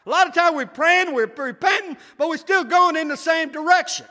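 A man preaching a sermon, shouting at times and swinging between loud and soft. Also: fairly quick, hardly any pauses. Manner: preaching with shouts and wide swings in pitch and loudness. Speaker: pastor. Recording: echoey hall.

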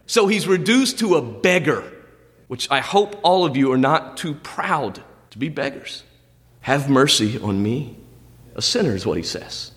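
A man's voice: mid-range voice, very animated, measured pace, fairly bright tone, in a large hall. A male pastor preaching a sermon, quoting scripture with dramatic swings in delivery. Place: church sanctuary.

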